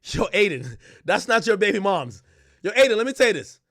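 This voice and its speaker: Loud, animated streamer man. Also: sits high, a little fast. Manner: loud, animated storytelling, acts out quotes, laughs often. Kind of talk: livestream commentary.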